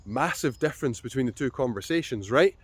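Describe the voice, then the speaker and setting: A man speaks as a fitness coach, guiding the listener through a lesson in a calm, encouraging voice. He talks directly to you, in a voice of ordinary middle pitch for a man, with steady, friendly instruction. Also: a little fast, husky. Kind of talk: instructional talk to camera.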